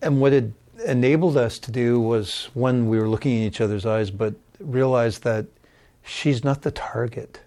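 A middle-aged man speaking as a guest about his marriage, in a candid, halting way that often restarts his sentences. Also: medium pitch, warm tone. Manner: candid, halting, self-correcting. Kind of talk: personal testimony.

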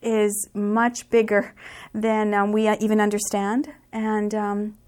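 A middle-aged woman sharing a personal testimony about her marriage and faith, in a reflective, sincere way with frequent pauses. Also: medium pitch, completely flat delivery, darkish tone. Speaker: guest.

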